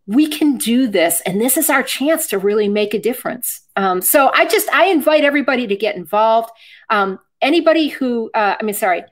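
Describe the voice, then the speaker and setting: A woman's voice: high voice, expressive, moderate pace. A Gen X woman from Michigan hosting a podcast, talking earnestly and rambling with many fillers and restarts. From Michigan, USA. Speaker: podcast host. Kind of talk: casual podcast chat.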